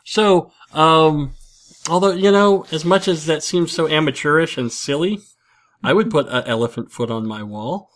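Chatty man hosting a podcast, slightly high voice. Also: moderate pace, fairly bright tone. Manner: rambling, self-mocking, with many fillers and restarts. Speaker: podcast host. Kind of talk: casual podcast chat.

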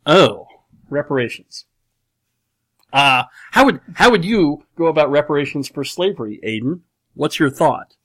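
A man's voice: fairly high pitch, animated, a little slow, fairly bright tone. A man hosting a casual talk show, reading out listener questions in a rambling way, with dry, sarcastic humor. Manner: rambling, full of "like" and "you know". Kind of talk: casual chat.

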